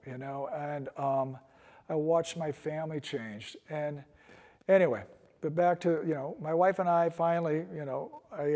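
Middle aged guy sharing his story at a meeting, kinda high voice, candid and rambly, echoey hall. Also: warm tone, a little hiss or hum. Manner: candid, rambling, with wry self-deprecating asides. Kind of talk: personal testimony at a recovery meeting. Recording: long echoey hall reverb.

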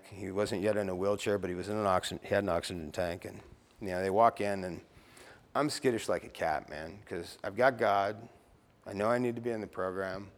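A fairly low-pitched male voice echoes through a large hall. The middle-aged speaker is recounting his own recovery at a meeting in a plain, offhand way, with curse words and frequent fillers like "you know" and "right."

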